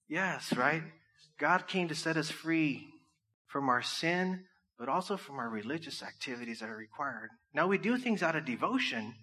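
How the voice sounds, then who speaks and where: A man's voice: a little high, expressive, normal speed, pushed and bright. A man preaching a casual, joking sermon, often asking the listeners questions. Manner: conversational, jokey, asks the crowd questions. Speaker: pastor.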